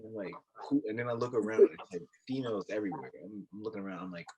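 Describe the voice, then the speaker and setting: A young man co-hosting a podcast, telling stories in a low-key casual chat with a quiet voice. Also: very fast, few pauses, a crowd in the background. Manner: low-key, storytelling with laughs. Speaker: podcast co-host.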